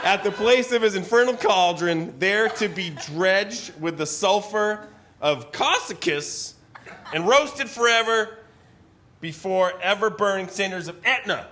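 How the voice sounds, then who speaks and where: An actor playing a pompous, eccentric gentleman who bombastically declaims a furious period letter at a live theater reading, tossing in asides. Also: high-pitched, unhurried, noisy background. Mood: blustering. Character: blustering pompous eccentric gentleman, man, middle-aged. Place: live performance hall with audience.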